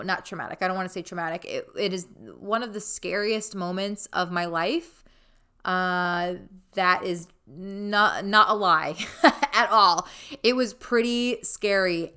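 A woman's voice: fairly low pitch, pushed and bright, clear, resonant tone. A young adult woman casually telling a personal story in a chatty way, with many fillers and easy laughter.

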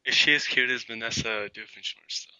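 A man's voice: mid-range voice, fairly quick, crowd noise, rough recording. A young man co-hosting a casual podcast, teasing the others and laughing a lot. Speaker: podcast co-host. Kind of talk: casual chat.

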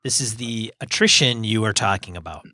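Upbeat guy co-hosting a podcast, bright voice, dry sound. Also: fairly low pitch, normal speed, no room sound. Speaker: podcast co-host. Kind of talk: casual chat.

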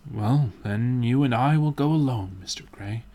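A man reading the part of a languid, witty aristocratic gentleman in an audiobook, in a dreamy, drawling, ironic way. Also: mid-range voice, moderate pace, close to an everyday voice.

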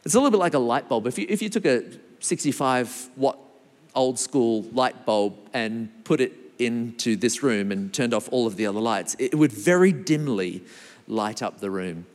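Animated male preacher in a reverberant hall. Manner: lively, animated preaching with big pitch swings. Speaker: pastor. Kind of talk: sermon.

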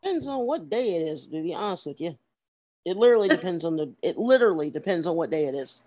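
A woman's voice: fairly low pitch, lively intonation, fast talker, a little mellow. Woman co-host, earnest, emphatic, restarts and repeats her words. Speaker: podcast co-host. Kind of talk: casual chat.

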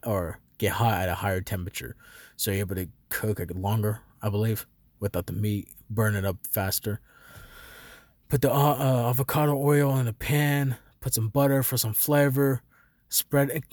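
A young man chatting casually in a rambling, profane, excitable way, laughing often as he tells stories. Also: medium pitch, dry recording, studio quality. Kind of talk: casual chat.

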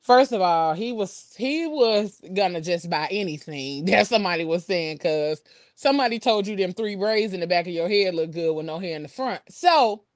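Woman co-host, lively storyteller, slangy banter, dry close sound. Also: fairly low pitch, normal speed, no echo. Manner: animated, laughing, slangy banter. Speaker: podcast co-host. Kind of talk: casual chat and storytelling.

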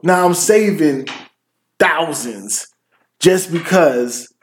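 A man telling stories in casual podcast chat, animated and swearing often. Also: on the high side, drawn-out words, a little hiss or hum. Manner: profane, animated storytelling. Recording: roomy echo.

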